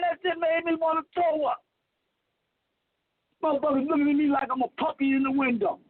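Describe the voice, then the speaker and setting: An extremely high-pitched man in his fifties speaks fairly quickly, ranting as a self-proclaimed messiah. The monologue is rambling, preachy, emphatic, and loaded with swearing. The audio is a dry, tinny phone line with no room sound.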